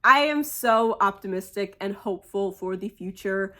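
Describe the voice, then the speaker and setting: A young woman speaking in a casual, heartfelt monologue. She gushes and rambles, filling her talk with little fillers, and her voice sits at an ordinary middle pitch. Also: moderate pace, pushed and bright. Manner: gushing and emotional, many "like" fillers. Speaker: fan sharing a tribute.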